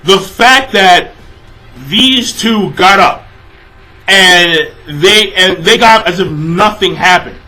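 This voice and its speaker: A young man speaks slowly in a high, pushed, bright voice, caught on a low-quality recording. He is casually reviewing a manga chapter, sounding exasperated, swearing constantly and padding his talk with fillers in a profane, rambling rant.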